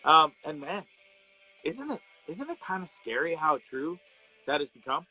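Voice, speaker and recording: A man's voice: fairly high pitch, very animated, normal speed, sharp tone, soft background music, rough recording. A middle-aged man hosting a live online show, talking casually and ranting with profanity, rambling with fillers and restarts, and reading viewer comments aloud.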